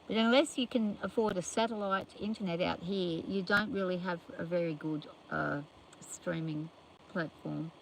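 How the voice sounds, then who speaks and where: A woman's voice: fairly low pitch, moderate pace, gravelly, rough recording. Older aussie lady rambling on a farm livestream, phone mic, bit of outdoor noise. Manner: chatty, rambling, scolds animals playfully. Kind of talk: casual livestream chat.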